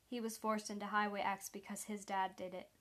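A woman reading the lines of a frightened teenage boy in a quiet, subdued way. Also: medium pitch, little pitch movement, fairly quick, lightly acted.

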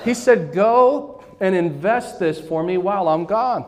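A man preaches a sermon from the pulpit, his voice pitched high. He keeps prompting the congregation to say words back to him. The sound carries a long church-hall reverb. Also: expressive, a little slow, a little mellow. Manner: call-and-response preaching, asks congregation to repeat. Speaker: pastor. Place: church sanctuary.

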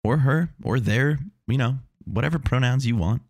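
A man's voice: mid-range voice, moderate pace, darkish tone, dry recording, studio quality. A man hosting a casual solo talk, rambling and self-mocking with meandering asides.

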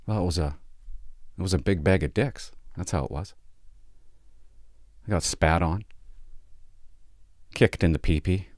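A man's voice: low-pitched, moderate pace, long pauses, darkish tone, no room sound, studio quality. A man doing a crude, sardonic stand-up set about police work, swearing freely. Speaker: stand-up comedian and police officer.

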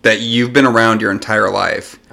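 Gravelly, low-voiced man cracking dry jokes. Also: fairly even intonation, moderate pace, bright, forceful tone. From American Midwest. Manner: dry, joking interjections. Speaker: podcast co-host. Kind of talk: casual chat.

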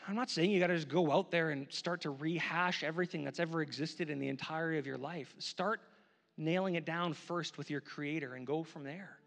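A male pastor delivers a sermon from the front of his church, his voice sitting high. He slows down and drags out the lines that matter, then repeats short phrases for weight. The sound rings out with a long reverb through the sanctuary. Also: gravelly, fairly bright tone. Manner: earnest, repeats phrases for emphasis; slow, drawn-out delivery on key lines.

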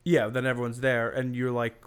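A man's voice: medium pitch, monotone, brisk, smooth. A man co-hosting a podcast in casual chat, chiming in with short agreements and plot details. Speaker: podcast co-host.

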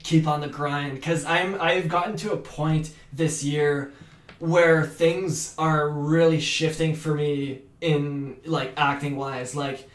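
A young man, a guest actor whose first language is French, speaks in a high-side voice with fairly even intonation at a slow pace. Far from the mic in a roomy echo, he rambles through casual interview chat, stammering restarts and saying "like" a lot.

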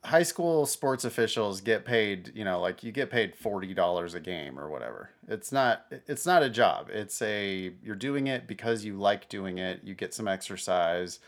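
A middle-aged man co-hosting a casual podcast, talking in an animated way, laughing and often breaking off to restart his sentences. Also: on the low side, moderate pace, hardly any pauses. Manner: animated, laughing, self-interrupting. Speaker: podcast co-host.

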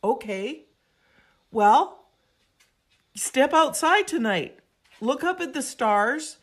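A woman guest on a podcast, telling an animated, emphatic story and acting out voices as she goes. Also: sits high, very slow. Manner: acts out quoted voices, expressive and emphatic.

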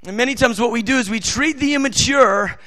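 A man's voice: very high voice, brisk, pushed and bright. A man preaching a live sermon, speaking emphatically and talking directly to his listeners. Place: church service with family present.

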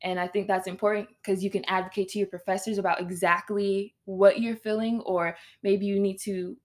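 A woman's voice: mid-range voice, little pitch movement, a little fast, darkish tone. A young woman hosting a podcast, giving earnest, encouraging advice to students in casual chat and laying out her points one by one. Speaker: podcast host.

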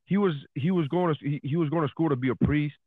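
A man's voice: a little high, quick pace, breathy edge, dry recording, phone-quality sound. A man, a comedian, chatting casually on a podcast and telling stories animatedly, acting out his own reactions.

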